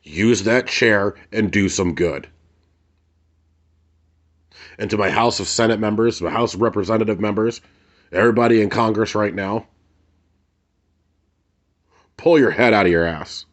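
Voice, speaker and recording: Angry, profane man ranting, low voice. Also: a little fast. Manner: angry, blunt and profane, repeats phrases for emphasis. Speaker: vlogger. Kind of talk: heated ranting commentary to camera.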